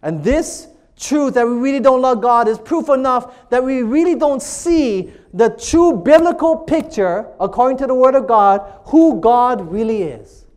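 A preacher delivering a church sermon, reading scripture slowly and pressing the congregation with repeated questions, calling them beloved. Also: mid-range voice, expressive, darkish tone. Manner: reads scripture quotes aloud slowly between comments; calls listeners "beloved" and asks for amens. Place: church service.

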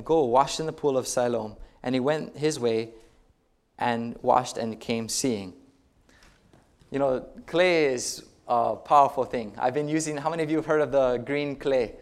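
A man's voice: medium pitch, smooth. A male pastor preaching a sermon, retelling stories in a conversational way and putting rhetorical questions to the congregation.

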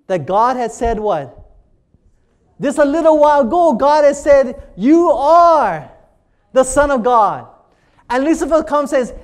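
A preacher delivering a church sermon, reading scripture slowly and pressing the congregation with repeated questions, calling them beloved. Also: mid-range voice. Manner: reads scripture quotes aloud slowly between comments; calls listeners "beloved" and asks for amens. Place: church service.

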